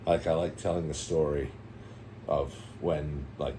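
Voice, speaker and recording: A man hosting a casual chat, playful and quick to slip into put-on voices and quotes. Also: rumbling low, fairly even intonation, mellow, a little hiss or hum. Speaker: podcast host.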